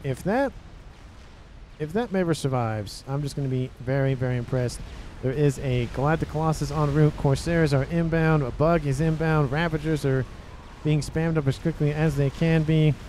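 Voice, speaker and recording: Mellow-voiced man casting a strategy game. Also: fairly high pitch, a little hiss or hum. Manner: rambling, self-correcting, with exasperated rhetorical questions. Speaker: game commentator. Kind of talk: casual video game commentary.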